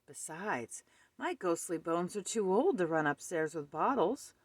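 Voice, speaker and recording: A woman's voice: lowish voice, sing-song, measured pace, husky, no room sound, exaggerated voice. A woman reading a storybook aloud and voicing a kindly old male ghost who answers in short, plain words. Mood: quiet musing.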